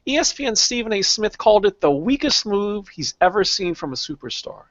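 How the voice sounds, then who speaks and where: A man's voice: sits high, very animated, brisk, a bit bright, dry recording, muffled recording. A man hosting a casual talk show, sarcastic and given to long run-on thoughts. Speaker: podcast host. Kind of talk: casual chat.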